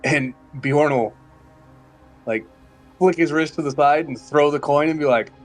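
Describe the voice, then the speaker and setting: A man's voice: on the high side, measured pace, pauses often, soft background music. A man playing a tabletop game, describing his character's actions in casual, playful narration. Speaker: player.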